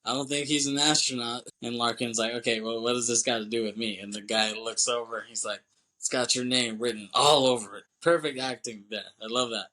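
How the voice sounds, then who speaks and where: A young man co-hosting a podcast retells a movie plot in a rambling, casual way, briefly voicing the characters with quick shifts as he quotes them. His voice is mid-range and steady in tone, bright and forceful. The recording quality is low.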